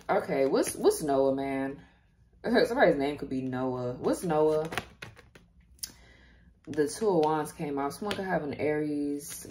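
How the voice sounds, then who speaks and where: A woman's voice: low-pitched, a little mellow, slight background noise. A woman giving a casual tarot reading straight to her viewers, chatty and openly emotional. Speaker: tarot reader.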